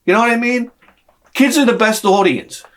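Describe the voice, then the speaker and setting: A man telling a personal story in an animated way, swearing freely and acting out the people in it. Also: very high-pitched, moderate pace. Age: adult with a young son. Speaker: video creator.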